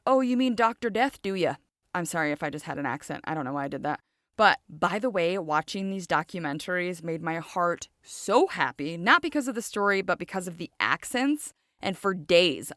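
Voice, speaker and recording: A woman's voice: on the low side, fairly bright tone, no echo, clean studio sound. A woman hosting a true crime podcast, narrating a case casually with chatty personal asides and questions to her listeners.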